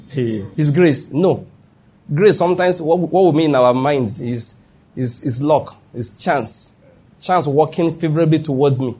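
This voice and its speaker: A man's voice: a little high, dark tone, slightly rough. A pastor with a Nigerian accent preaching a sermon, repeating his points and asking the congregation if they follow. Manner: rhetorical questions, repeats points, laughs at own stories.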